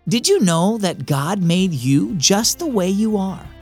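A man's voice: high-pitched, sing-song, a little slow, soft background music. A man hosting a children's devotional program, upbeat and speaking directly to kids in scripted narration. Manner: upbeat, friendly, kid-directed.

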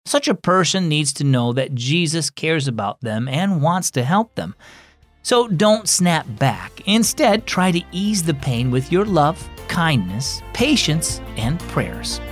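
A man's voice: on the high side, big pitch swings, takes it slowly, faint music behind. A man hosting a children's devotional program, friendly and encouraging as he speaks to kids. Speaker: host.

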